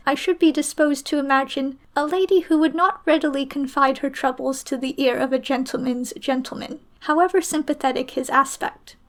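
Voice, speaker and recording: A woman reading a story aloud in a measured, expressive way, as a storyteller. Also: high voice.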